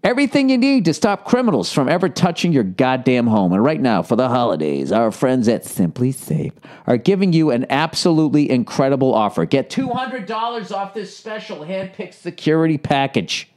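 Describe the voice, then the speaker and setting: This podcast host's voice is a little high and a little mellow, animated at a normal speed. Reading ads in a casual, sarcastic way, he riffs on the copy with swearing.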